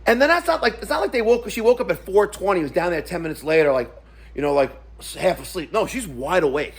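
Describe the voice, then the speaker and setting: A man's voice: high voice, fast, husky. A middle-aged man telling an indignant, profane story to his viewers as a vlogger. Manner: indignant, profane, animated retelling. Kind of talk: storytelling rant to camera.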